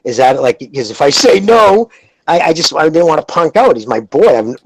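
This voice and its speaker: A man, hosting a podcast and telling rambling, profane stories in a casual, animated way. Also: fairly high pitch, normal speed, vocal fry, a little hiss or hum, low-quality recording. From Lowell, Massachusetts. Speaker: podcast host. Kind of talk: casual chat, storytelling.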